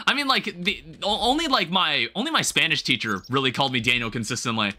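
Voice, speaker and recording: Bright, lively-voiced man streaming a game. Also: a little high, quick pace. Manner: rambling, self-correcting, chatting with viewers; casual, swears lightly. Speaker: livestreamer. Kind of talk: casual gameplay commentary.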